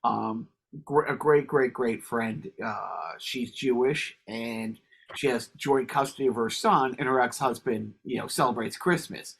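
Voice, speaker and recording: A man's voice: mid-range voice, measured pace, gravelly, fairly bright tone, a little hiss or hum. A man co-hosting a podcast, rambling through casual stories and laughing as he talks. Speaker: podcast co-host. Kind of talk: casual chat.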